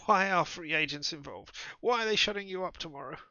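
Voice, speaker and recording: Man voicing a screaming cornered thug, high and loud, bright tone, dry muffled game recording. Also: a little fast, dry recording. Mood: furious ranting. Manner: raised, shouting, abusive. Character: vicious cornered man, shrieking insults.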